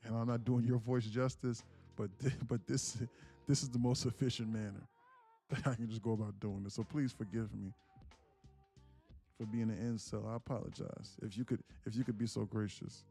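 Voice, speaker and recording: Male livestream host, mellow voice, playful slang, faint music behind. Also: medium pitch, fairly even intonation, normal speed, vocal fry. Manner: joking, playful, slangy, often puts on a voice. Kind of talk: casual livestream chat.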